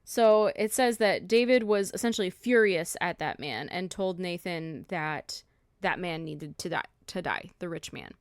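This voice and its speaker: A woman's voice: lowish voice, animated, unhurried, hardly any pauses, dry recording, studio quality. A woman co-hosting a faith podcast who reads scripture aloud and retells it in casual slang. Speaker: podcast co-host. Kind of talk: casual chat retelling a Bible story.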